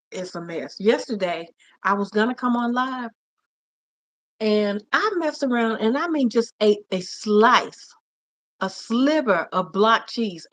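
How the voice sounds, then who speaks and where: A woman's voice: medium pitch, fairly bright tone. A woman hosting a casual livestream, chatting affectionately with viewers and calling them honey and cousin. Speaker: livestream host. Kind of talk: casual live chat with viewers.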